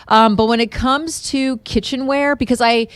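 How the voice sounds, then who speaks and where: A woman with a smooth, resonant voice chats easily on a radio show. She talks in a casual way, full of "like" and "um", and the studio sound is dry and close. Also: a little high, fairly even intonation, normal speed, no room sound. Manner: chatty, many fillers like "like" and "um". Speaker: magazine editor guest.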